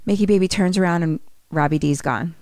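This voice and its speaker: A woman co-hosting a podcast, telling a movie plot in a playful, animated way and swearing freely. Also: lowish voice, a little fast, dry recording, studio quality. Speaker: podcast co-host. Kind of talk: casual storytelling.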